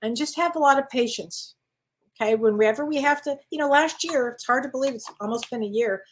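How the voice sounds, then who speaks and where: Chatty, affectionate woman medium, higher voice. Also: brisk, a little hiss or hum. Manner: chatty, affectionate, calls listeners honey. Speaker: spiritual medium giving card readings. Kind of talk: casual livestream chat.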